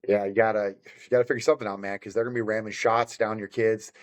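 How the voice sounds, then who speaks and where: Profane fired-up man, low voice. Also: flat delivery, fast talker. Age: adult with children. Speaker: podcast guest, bare-knuckle fighter. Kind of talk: casual podcast conversation.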